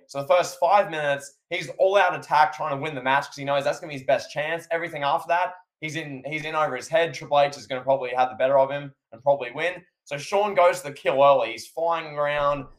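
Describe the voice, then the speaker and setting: A man co-hosting a podcast, recapping a wrestling match in casual chat and acting out the commentators' lines. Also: a little high. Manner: animated, acts out commentators' lines. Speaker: podcast co-host.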